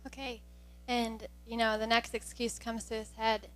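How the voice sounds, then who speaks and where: A woman's voice: a little high, flat delivery, normal speed, soft background music. A woman giving a lighthearted, conversational sermon-style talk at a church concert.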